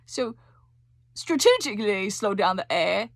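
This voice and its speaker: A woman's voice: mid-range voice, big pitch swings, unhurried, dry recording. A woman teaching a voice lesson, coaching with frequent check-ins and sung demonstrations. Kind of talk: singing lesson explanation.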